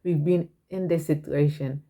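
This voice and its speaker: A woman's voice: low voice, steady tone, measured pace, warm tone. A woman hosting a parenting podcast, talking frankly and earnestly in a casual monologue.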